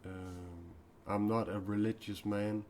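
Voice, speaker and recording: Low-voiced male spiritual speaker, halting and heartfelt, live-stream monologue. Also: steady tone, a little mellow, a little hiss or hum. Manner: earnest, confessional, halting. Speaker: self-described mystic and spiritual speaker. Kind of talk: improvised live-stream talk.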